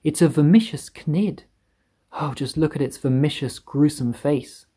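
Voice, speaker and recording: A man voicing an excitable, blustering police chief who shouts orders in alarm, with a gravelly voice. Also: mid-range voice, normal speed, natural voice. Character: excitable middle-aged male police chief.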